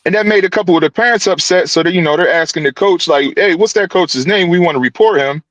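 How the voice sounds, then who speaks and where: Animated man recounting events on a video call. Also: high-pitched, fast talker, no echo, low-quality recording. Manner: animated storytelling with many restarts. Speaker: youth football coach. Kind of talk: casual podcast guest recounting events.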